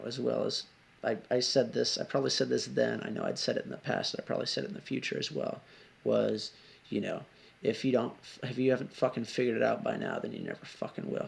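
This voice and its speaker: Brief: rambling confessional vlogger, man, very gravelly voice, lots of swearing. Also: mid-range voice. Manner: rambling, heavy swearing, frequent asides. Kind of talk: confessional storytelling vlog.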